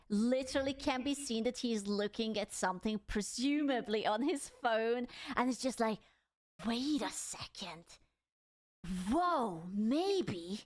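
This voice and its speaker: Co-host, female, blunt and teasing reactions, slangy, slightly high voice. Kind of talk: casual reaction chat.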